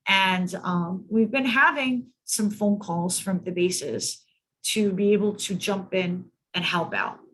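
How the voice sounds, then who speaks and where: A woman's voice: medium pitch, slow, a bit bright, slight background noise. A woman clinician telling a case story to colleagues over a video call, emphatic and often repeating words for stress. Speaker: mental health clinician presenting to colleagues. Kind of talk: storytelling in a training presentation.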